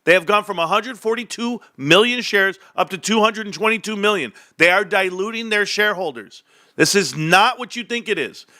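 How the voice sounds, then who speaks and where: A combative man rants his way through market commentary with a profane edge. His voice sits high and sounds bright and forceful. The sound is close and dry, with no room around it. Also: expressive, normal speed, dry recording. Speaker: stock market streamer.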